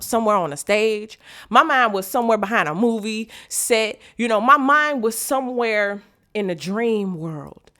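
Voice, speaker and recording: A woman vlogger telling a motivational story in casual, slangy talk, speaking straight to viewers and acting out the voices she quotes. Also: fairly high pitch. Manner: animated, acts out quoted voices; slangy, direct address to viewers.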